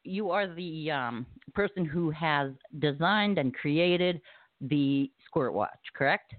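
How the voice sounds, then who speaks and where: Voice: medium pitch, lively intonation, slow pace, no echo. Chatty host on a tinny phone line. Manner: chatty, laughing storyteller. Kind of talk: casual call-in chat.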